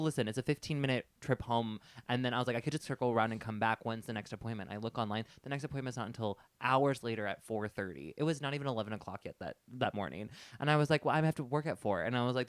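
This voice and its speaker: Fast-talking young man telling a story. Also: medium pitch, clean tone, no echo. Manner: animated storytelling, acting out both sides of a conversation. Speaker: podcast co-host. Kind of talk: casual chat.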